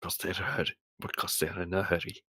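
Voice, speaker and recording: A man plays a tabletop game, asking short, practical questions. His voice is very deep and husky with a sharp, forceful edge. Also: brisk, dry recording, studio quality. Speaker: player. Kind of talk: casual tabletop game chat.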